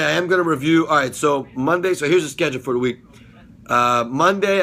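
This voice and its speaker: A man talks straight to camera in a loose, rambling vlog, circling back with fillers and restarts and dropping the odd swear word. His voice sits at an ordinary middle pitch. A faint room ambience hums quietly underneath. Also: a little hiss or hum. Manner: swears casually, laughs at his own jokes. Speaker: sports and TV review vlogger. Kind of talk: casual solo vlog commentary.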